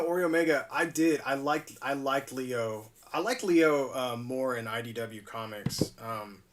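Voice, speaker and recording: A man's voice: medium pitch, a bit bright, far from the mic. A man hosting a live stream, chatting casually and chuckling as he repairs a toy at his workbench. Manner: rambling, laid-back, chuckles often.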